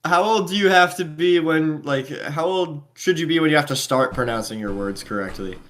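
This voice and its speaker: Relaxed man, bright hesitant delivery. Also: a little high, normal speed. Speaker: podcast co-host. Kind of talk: casual sports chat.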